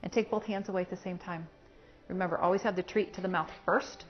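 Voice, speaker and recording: A woman's voice: fairly low pitch, fairly even intonation, quick pace, muffled recording. A woman dog trainer explaining steps in a practical way while working with a puppy at home. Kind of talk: hands-on training lesson.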